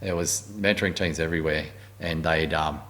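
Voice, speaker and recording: Deep-voiced Australian man telling army stories. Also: a little fast. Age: middle-aged. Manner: blunt, swearing, animated storyteller. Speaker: guest, army warrant officer. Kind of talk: casual storytelling interview.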